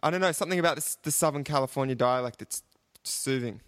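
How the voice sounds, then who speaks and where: A man hosting a podcast, talking in a relaxed way and swearing casually. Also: mid-range voice, quick pace, clean tone. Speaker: podcast host.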